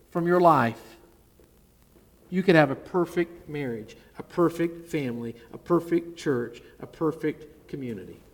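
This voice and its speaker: High-voiced emphatic preacher in a reverberant sanctuary. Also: male voice. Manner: emphatic, dropping to near-whispers on key words. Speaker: pastor. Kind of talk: sermon.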